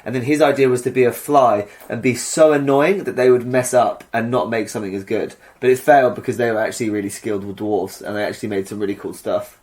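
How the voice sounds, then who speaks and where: A man's voice: mid-range voice, fairly even intonation, fast talker, few pauses, a little mellow. A man co-hosting a casual podcast. His voice sits in a plain middle register, and he answers in a dry, matter-of-fact way. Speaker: podcast co-host. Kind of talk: casual chat.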